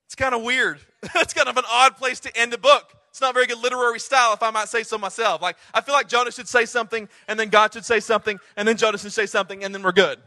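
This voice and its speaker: A man's voice: extremely high pitch, fairly even intonation, fast talker, few pauses, pushed and bright. A man preaching a sermon, conversational and humorous with earnest, impassioned stretches. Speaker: pastor.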